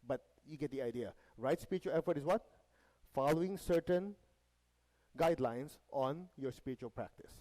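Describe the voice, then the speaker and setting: Guy teaching a meditation class, mellow warm voice, keeps asking the room to repeat after him, cracks small jokes. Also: a little high, normal speed, low-quality recording. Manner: checks in with the audience, asks them to repeat after him; light joking asides. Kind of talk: spiritual lesson to a live group.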